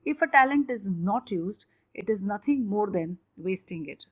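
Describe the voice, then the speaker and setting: A woman, an HR head, giving an earnest, measured motivational lecture to students. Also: medium pitch, animated. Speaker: HR head, guest speaker.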